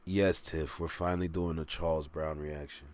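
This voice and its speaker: A man hosting a casual livestream reaction, fast-talking and joking, who calls himself a motor mouth. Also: very deep voice, steady tone, darkish tone, no room sound. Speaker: reaction streamer host.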